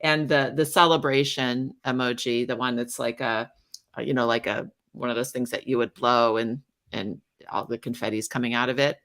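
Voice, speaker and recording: A woman co-host chats casually, her voice bright and sharp with a gravelly, fried edge. She talks in a friendly, easygoing way, often laughing through her words. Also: a bass voice, steady tone, normal speed. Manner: friendly, laughs while talking. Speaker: podcast co-host. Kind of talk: casual chat.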